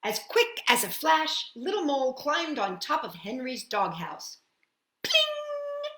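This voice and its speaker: A woman storyteller reading a children's picture book aloud, expressive and full of sound effects. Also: high-pitched, unhurried. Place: at home. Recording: echoey room.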